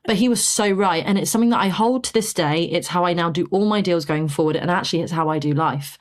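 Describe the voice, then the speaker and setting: A woman with a somewhat low voice tells her story as a podcast guest, animated and chatty. She slips into the voices of the people in her story as she goes. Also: fast. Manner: animated, acts out quoted dialogue. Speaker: podcast guest, property investor. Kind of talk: conversational storytelling.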